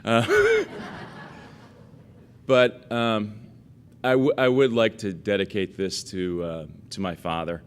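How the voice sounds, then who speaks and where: A man giving a relaxed, story-filled award acceptance speech, self-deprecating, full of fillers, and acting out family quotes. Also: fairly low pitch, slow, pauses often, clear, resonant tone. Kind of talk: casual anecdotal acceptance speech.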